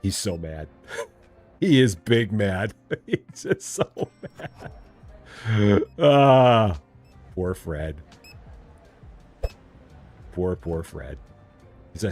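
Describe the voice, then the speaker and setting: A man's voice: fairly low pitch, big pitch swings, drawn-out words, long pauses, darkish tone, slightly rough, soft background music. A man streaming a game live, chatting and joking with his viewers. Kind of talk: casual live gameplay commentary.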